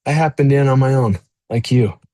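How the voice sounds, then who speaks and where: A man voicing a weary, maimed male prisoner in a read-aloud novel, speaking in a calm, insistent way. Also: medium pitch, normal speed, dry recording, voice pushed up, natural voice. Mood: resolute.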